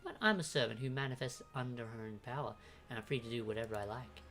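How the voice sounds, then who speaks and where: A sly, haughty servant woman, read aloud by a man for a fan dub of a game, aloof and dismissive. The voice is bright and forward, with faint music playing underneath. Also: medium pitch, fast, natural voice.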